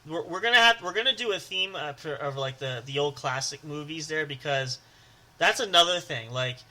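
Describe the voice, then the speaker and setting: A man's voice: fairly high pitch, normal speed, bright, forceful tone. A man co-hosting a casual podcast chat who laughs often and breaks into stammering movie impressions. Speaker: podcast co-host.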